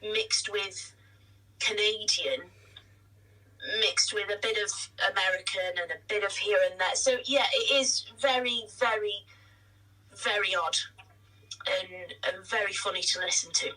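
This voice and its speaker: A woman, a musical theatre actress, chatting in an interview with quick self-deprecating asides. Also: mid-range voice, fairly even intonation, bright, forceful tone, recorded from a distance, low-quality recording. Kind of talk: casual interview chat.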